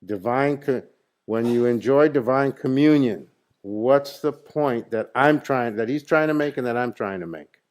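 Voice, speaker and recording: A man's voice: mid-range voice, a little slow, darkish tone. A man as spiritual teacher, leading a satsang and quizzing his listeners in a playful, probing, emphatic way.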